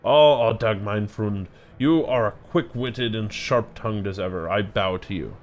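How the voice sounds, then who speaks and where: A man voicing a huge, jovial game character with a put-on German accent, booming and amused. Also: unhurried, natural voice. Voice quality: booming, mirthful. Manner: flowery, amused.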